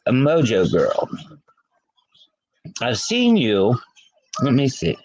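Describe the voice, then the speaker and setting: A man's voice: medium pitch, wildly swooping pitch, slow pace, a little mellow, low-quality recording. A man hosting a casual livestream, chatting with viewers by name and laughing often. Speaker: livestream host.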